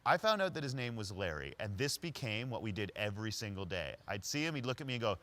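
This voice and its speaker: A man giving a storytelling talk as a leadership speaker, narrating conversationally and quickly. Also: fairly low pitch. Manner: conversational, quick narration with lively quoted voices.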